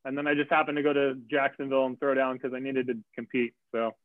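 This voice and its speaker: A man telling a race story in casual chat, acting out quotes with lively jumps in his voice. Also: fast, no room sound. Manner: animated, acts out quotes with big pitch jumps. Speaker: guest athlete. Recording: tinny phone-like line.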